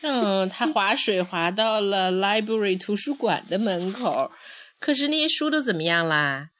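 Bright, lively-voiced woman reading to a child. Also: mid-range voice, moderate pace. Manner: patient, explains and asks the child questions. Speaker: parent reading a picture book with a child. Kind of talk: read-along storybook lesson.

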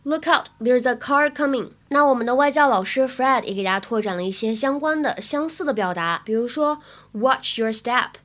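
A woman teacher with a fairly high voice walks students through English phrases. She talks in a chatty way and keeps checking in with a quick "right?". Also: expressive, a bit bright.

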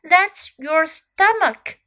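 A cross, sleepy squirrel from a storybook, yelling crossly and scolding in a high, bright voice. A woman acts him out as she reads aloud. She talks slowly, leaning on each word. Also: lively intonation, exaggerated voice. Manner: shouting crossly. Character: sleepy, grumpy, angry squirrel.

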